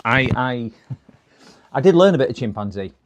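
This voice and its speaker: A man talks casually into a desk mic during a live repair stream. His voice rises and falls in a lively way, and he rambles from one thing to the next. He laughs at his own puns as he goes. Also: mid-range voice, moderate pace, dull audio, slight background noise.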